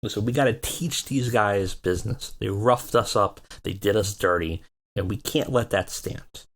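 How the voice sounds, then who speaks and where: A man's voice: on the low side, normal speed, a bit bright. A man voicing a pushy male wrestling gang leader in a game let's play, pleading and urgent, always starting with "listen".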